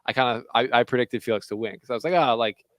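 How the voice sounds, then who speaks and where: A man's voice: mid-range voice, fairly even intonation, rapid-fire, a bit bright, no echo. A young man from Canada co-hosting a podcast in casual chat, talking loosely with lots of "like" fillers. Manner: chatty, loose, full of "like" fillers. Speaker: podcast co-host.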